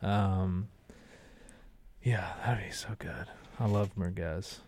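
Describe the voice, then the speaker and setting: A man's voice: low-pitched, fairly even intonation, slow, a little mellow. A man, a chef and restaurant owner, chatting casually as a guest in rambling, laid-back stories. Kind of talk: casual conversation.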